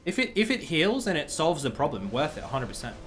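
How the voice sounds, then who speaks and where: A man's voice: a little high, fast talker, noisy background. A young man, telling a story to his stream in casual, swearing chat. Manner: swears a lot, animated retelling.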